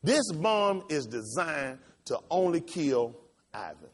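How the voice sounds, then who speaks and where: Impassioned preacher with a lively, swooping voice. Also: male voice, takes it slowly. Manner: impassioned storytelling, swinging between loud high outbursts and low quiet asides. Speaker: pastor. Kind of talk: sermon.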